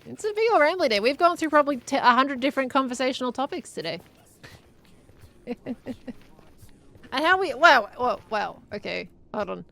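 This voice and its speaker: A woman's voice: sits high, big pitch swings, normal speed, creaky, pauses often, a bit bright. A young adult woman streaming a game, chatting in a rambling, giggly way as she plays. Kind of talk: rambling live gameplay chat.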